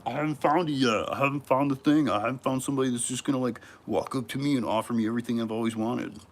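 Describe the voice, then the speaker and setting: A man's voice: mid-range voice, fast, pitched above the performer's own voice, natural voice. A man putting on the voice of a needy, self-pitying viewer who whines about never finding what they want. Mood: whining.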